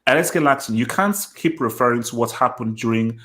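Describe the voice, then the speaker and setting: A man hosts a casual live football chat and talks over the others to cut them off. He reads viewer comments aloud and mocks rival fans. He sits at a mid pitch for a man. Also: fairly quick. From lives in England. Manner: animated, mocking, interrupts with repeated "wait". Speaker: football show host.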